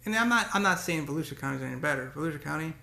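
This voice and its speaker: Gravelly rambling man in an echoey room. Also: on the high side, lively intonation, racing, bright, forceful tone. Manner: rambling, repeats words, cursing rants. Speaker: vlogger. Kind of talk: casual rambling monologue.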